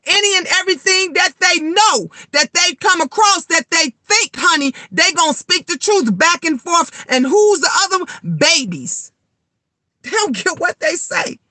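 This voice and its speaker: A middle-aged woman, vlogging in a blunt, animated monologue full of swearing. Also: extremely high pitch, no room sound. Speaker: vlogger and tarot reader. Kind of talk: casual vlog monologue.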